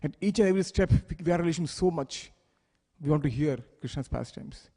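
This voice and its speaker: A man's voice: fairly high pitch, a little fast, dark tone. Man giving a scripture class in a hall. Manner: explains words step by step, asks the audience questions. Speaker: temple class speaker. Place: temple hall.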